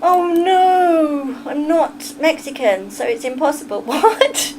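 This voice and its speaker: A woman's voice: high-pitched, lively intonation, slow pace, a little mellow, a little hiss or hum, low-quality recording. A middle-aged woman with a Kentish English accent, chatting casually and with firm opinions to her livestream viewers. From England. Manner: chatty, opinionated, talks straight to chat.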